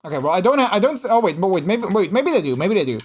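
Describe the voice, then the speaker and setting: A man chatting casually on a live stream in an animated, gushing way, full of restarts. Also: high-pitched, rapid-fire.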